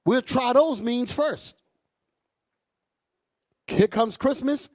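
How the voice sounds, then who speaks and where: A man preaching a fiery, profane sermon to his congregation, calling out to them as he goes. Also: drawn-out words. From United States. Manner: loud, animated, swings high and low, profane, asks crowd "y'all all right?".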